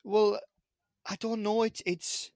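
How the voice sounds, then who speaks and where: A man's voice: high voice, level tone, slow, a little mellow, no room sound, studio quality. A man with a strong British accent, a guest on a podcast, chatting casually over a video call with many restarts. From Britain. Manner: rambling, many restarts and repeated words. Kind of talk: casual chat.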